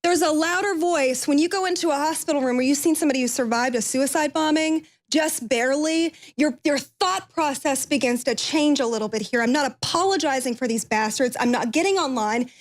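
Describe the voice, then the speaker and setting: A high-pitched woman from Kentucky speaks on a talk panel with raw emotion. She sounds close to tears, apologizes for her anger and keeps pressing her point. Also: brisk, hardly any pauses. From Kentucky, USA. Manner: passionate, near tears, apologetic. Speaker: guest commentator.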